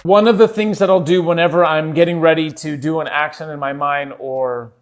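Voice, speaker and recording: A man's voice: on the high side, steady tone, brisk, music in the background. Goofy, rambling podcast host, a man. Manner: goofy, rambling, self-amused. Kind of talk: casual solo podcast monologue.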